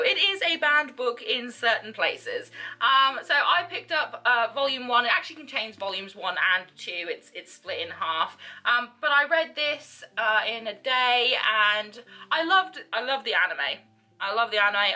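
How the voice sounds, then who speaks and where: A woman's voice: a little high, bright, forceful tone. A young woman chatting casually and enthusiastically about books she read, with frequent fillers. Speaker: book vlogger. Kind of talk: casual reading wrap-up chat.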